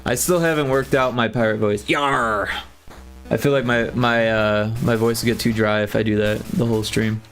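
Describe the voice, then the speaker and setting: A man's voice: medium pitch, steady tone, fairly quick, few pauses, faint music behind. A man streaming his game development, chatting casually and thinking aloud with lots of fillers. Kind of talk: casual livestream chat.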